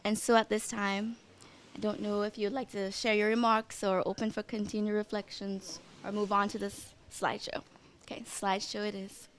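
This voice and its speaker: A woman reading a psalm aloud at a memorial service in a measured, prayerful way. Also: medium pitch, level tone. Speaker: scripture reader at a memorial service. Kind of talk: slow scripture reading.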